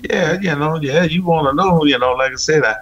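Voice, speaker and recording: A man's voice: a little high, a little fast, a bit bright. An older man co-hosting a radio chat show, telling folksy, joking stories. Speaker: radio co-host. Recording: dull, lo-fi sound.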